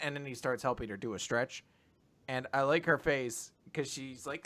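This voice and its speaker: A man's voice: normal speed, no room sound. A man co-hosting a casual manga recap podcast, animatedly acting out characters' lines and swearing casually. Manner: animated, acts out characters' lines with big pitch jumps. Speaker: podcast co-host.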